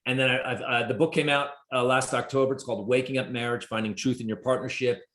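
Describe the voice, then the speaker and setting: A man in his fifties chats as a guest, speaking at an ordinary middle pitch. He tells his stories animatedly and acts out the voices of the people in them, jumping suddenly upward in pitch. The recording has a roomy echo around him. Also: steady tone, quick pace, a bit bright. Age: 50s. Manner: storytelling, acts out quoted dialogue with big pitch jumps. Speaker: guest, therapist and executive. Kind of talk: casual conversation.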